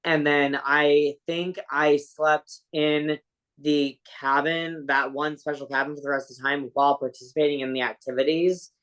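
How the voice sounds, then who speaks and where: A woman with a deep, low-set voice tells her story as a podcast guest. She rambles casually, leaning on "like" and fillers and dropping blunt swear words along the way. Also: fairly even intonation, normal speed, a bit bright.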